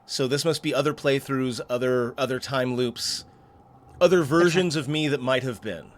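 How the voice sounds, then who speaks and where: A man's voice: mid-range voice, normal speed. A man hosting a game playthrough, reading the story text aloud and breaking off for chatty asides. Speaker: let's play host.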